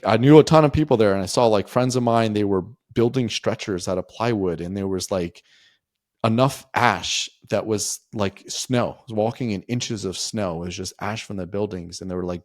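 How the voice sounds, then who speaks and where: A man's voice: fairly low pitch, a little mellow, dry recording, studio quality. A man in his forties, a podcast guest, telling a personal story in a rambling, conversational way with lots of fillers. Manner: rambling, frequent "like" and "you know" fillers.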